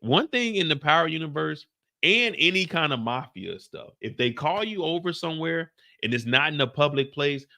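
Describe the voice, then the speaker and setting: A man recapping a TV finale in casual commentary, acting out the characters in high and low voices. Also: bright, forceful tone. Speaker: show reviewer.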